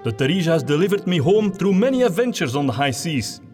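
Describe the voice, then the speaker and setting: A man voices a friendly, approachable sea captain with a West Flemish accent and a note of authority. He speaks with lively rises and falls. A long reverb trails behind him. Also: on the high side, fast talker, faint music behind, voice pushed up. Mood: warm. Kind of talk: audio drama acting.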